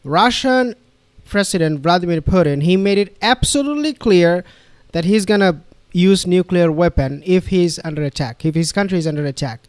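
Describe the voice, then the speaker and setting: A man's voice: high voice, animated, moderate pace, clean tone, no echo. A man commenting on a played interview clip, emphatic and repetitive, with frequent fillers and restarts. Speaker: online commentator.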